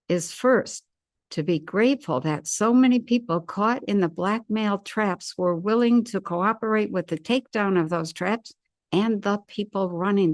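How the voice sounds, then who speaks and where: Lady doing a monthly solo commentary, takes her time, firm and measured, dead dry room. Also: mid-range voice, no room sound. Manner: measured, deliberate delivery with firm opinions. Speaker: intuitive commentator.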